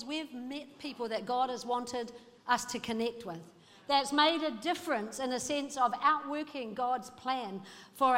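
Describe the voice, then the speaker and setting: High-voiced woman preaching. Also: fairly bright tone. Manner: exhorting, rhetorical questions. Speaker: pastor. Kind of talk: sermon. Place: church hall. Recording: reverberant hall with music underneath.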